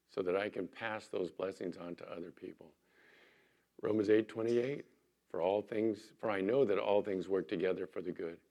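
A man with a fairly low-pitched voice delivers a sermon as a pastor. He swings between loud, emphatic lines and soft, hushed asides, and his pitch jumps up on key points. His delivery is animated and pastoral.

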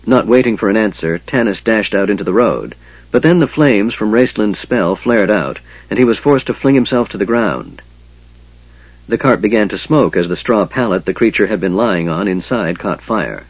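In a low, husky voice, a male audiobook narrator reads fantasy at a steady, measured pace. The recording sounds dry and a bit dull, with no room sound.

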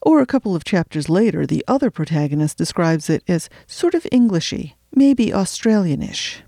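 A woman's voice: fairly low pitch, very animated, normal speed, gravelly, warm tone, no room sound, clean studio sound. A woman hosting a fiction podcast, chatting wryly before reading her own mystery story aloud from her attic. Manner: wry, chatty and self-deprecating. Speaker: podcast host and fiction reader. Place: home attic.

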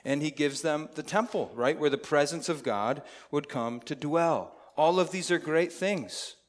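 A man's voice: on the high side, measured pace. Conversational man preaching a sermon. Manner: conversational, asks the congregation questions. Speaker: pastor.

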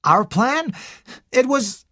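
Brief: reader doing a rattled young man, pitched up high, halting and pleading. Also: sing-song, fairly bright tone, no echo, clean studio sound, exaggerated voice. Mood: guarded. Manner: stammering, pleading. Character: young man, tense and shaken. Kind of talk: audiobook character reading.

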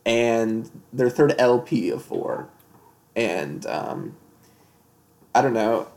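A man's voice: mid-range voice, lively intonation, extremely slow, a little mellow. A man co-hosting a casual music podcast, rambling through his thoughts and filling them with "like". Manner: rambling, heavy use of "like". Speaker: podcast co-host. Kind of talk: casual chat about music.

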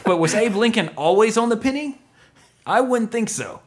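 A man's voice: high voice, expressive, moderate pace. A man hosting a podcast in casual chat, rambling and joking, often correcting himself mid-sentence. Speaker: podcast host.

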